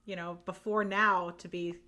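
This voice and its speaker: A woman's voice: lowish voice, level tone, moderate pace, bright, forceful tone. A woman hosting a podcast interview in casual chat, enthusiastic, swearing freely and laughing often. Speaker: podcast host.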